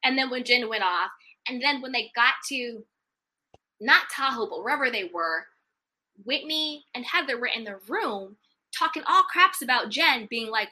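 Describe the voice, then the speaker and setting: A woman's voice: a little high, expressive, normal speed, bright, forceful tone. A young woman chatting casually and animatedly, with a sassy, emphatic way of talking. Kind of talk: casual reality-TV gossip chat.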